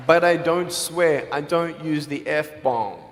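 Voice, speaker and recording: A man giving a motivational speech to students, telling stories with humor and swinging between loud and soft. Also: fairly high pitch, takes it slowly, slight background noise. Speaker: motivational speaker. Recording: long hall reverb.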